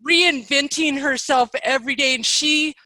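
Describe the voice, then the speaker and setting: A woman's voice: high-pitched, normal speed, sharp tone, dry recording, low-quality recording. A woman in her thirties hosting a podcast, talking in an emotional, spiritual, chatty way. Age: 30s. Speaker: podcast host. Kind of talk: casual interview chat.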